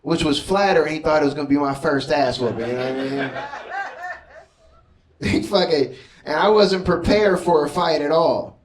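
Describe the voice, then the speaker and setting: Man, stand-up comedian, casual profane storytelling, fairly high voice, a bit off-mic. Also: moderate pace, pauses often, far from the mic, rough recording. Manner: loose storytelling, profane, laid-back asides.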